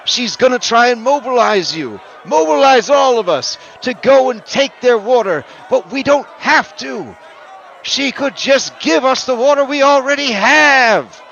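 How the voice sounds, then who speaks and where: A man voicing a shouting male sylph agitator who rouses a protest crowd in a tabletop game. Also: extremely high pitch, expressive, a little slow, vocal fry, dull audio, slight background noise, pitched above the performer's own voice, full character voice. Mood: fiery. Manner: shouting, fiery, stirring up a crowd.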